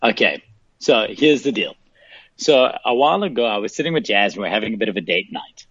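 A man calling in as a guest, telling a casual, animated story. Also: fairly low pitch, brisk, breathy edge, dry recording. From South Africa. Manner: animated, laughing anecdotes with acted-out quotes. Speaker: phone-in guest. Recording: dull phone line.

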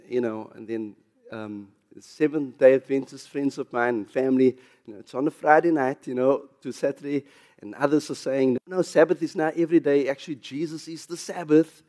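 A South African pastor preaching a sermon, getting louder and higher on emphasis, with chuckles and asides. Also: male voice.

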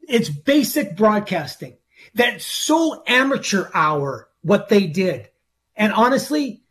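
A man's voice: sits high, fairly bright tone. A middle-aged man co-hosting a sports talk show, ranting emphatically and often repeating himself. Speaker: sports radio co-host.

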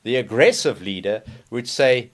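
Man, teacher-guest, very expressive pitch, mid register. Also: normal speed. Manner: animated, acts out examples in quoted voices. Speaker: guest speaker on communication. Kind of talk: conversational teaching.

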